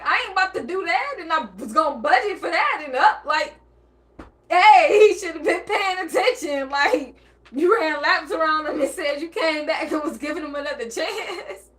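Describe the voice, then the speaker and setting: A woman's voice: very high voice, lively intonation, normal speed, fairly bright tone. A woman vlogger speaking in an emotional, blunt and profane personal monologue, acting out bits of dialogue. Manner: emotional, near tears and laughing by turns.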